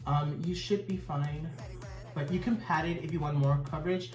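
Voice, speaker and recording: A man's voice: a little high, fairly even intonation, normal speed, darkish tone. A man guiding a drag makeover, explaining each step in an upbeat, instructive way. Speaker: drag makeup artist, guest. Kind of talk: casual makeup tutorial chat. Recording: echoey room, distant mic, faint music.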